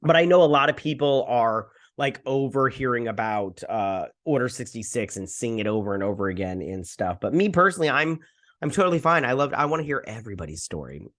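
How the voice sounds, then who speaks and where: A man's voice: medium pitch, lively intonation, fairly quick, fairly bright tone. A man hosting a video, casually recapping and reviewing an episode in a loose, rambling way full of fillers. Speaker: video host.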